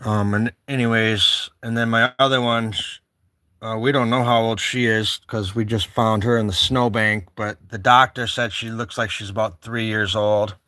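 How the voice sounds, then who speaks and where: A man's voice: on the low side, steady tone, normal speed, pushed and bright, dry recording, clean studio sound. A middle-aged man telling a story casually to the camera and cooing at his pets. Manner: baby talk to pets, storytelling. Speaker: vlogger.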